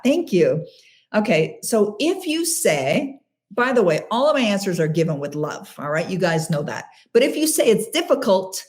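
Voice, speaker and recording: A woman's voice: lowish voice, a little mellow. A middle-aged woman hosting a live question-and-answer show, coaching listeners in an emphatic, encouraging way and repeating key phrases for stress. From Canada.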